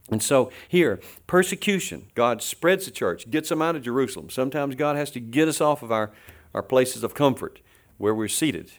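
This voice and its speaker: A middle-aged man preaching a conversational sermon, asking rhetorical questions and chuckling now and then. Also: medium pitch. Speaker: pastor.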